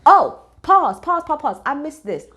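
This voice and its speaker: A woman's voice: high-pitched, very animated, unhurried, fairly bright tone. A woman gives a casual recap of a reality show, speaking straight to her viewers. She is blunt and gossipy, swears freely and packs every line with opinions in easy slang.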